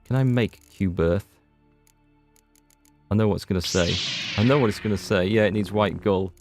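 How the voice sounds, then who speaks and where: A man's voice: lowish voice, moderate pace. A man with a Northern Irish accent giving rambling, chatty let's-play commentary while he streams a game. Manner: chatty, rambling, self-interrupting. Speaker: gaming streamer. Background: faint game music.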